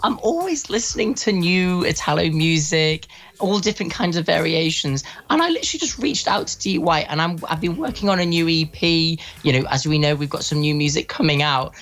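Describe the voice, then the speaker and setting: A man's voice: fairly high pitch, animated, a little fast, fairly bright tone. A young man from London with a British accent, a guest musician chatting playfully on a radio interview. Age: young adult. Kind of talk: casual on-air interview.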